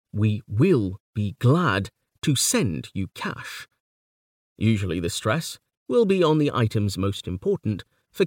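Slow, measured man reading a textbook. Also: fairly low pitch, dry recording, studio quality. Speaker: reader of a poetry textbook. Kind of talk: audiobook reading of a poetry textbook.

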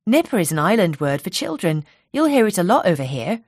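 A woman's voice: lowish voice, sing-song, brisk, no room sound, clean studio sound, pitched above the performer's own voice. Woman voicing a bubbly island hairdresser. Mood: cheerful. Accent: Isle of Wight. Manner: bubbly, friendly, talkative. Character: chatty cheerful young island hairdresser woman.

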